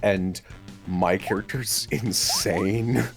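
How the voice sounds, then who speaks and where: A man co-hosting a livestream, chatting casually and telling animated stories with bursts of laughter. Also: on the low side, very slow, over music. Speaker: livestream co-host. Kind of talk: casual stream chat.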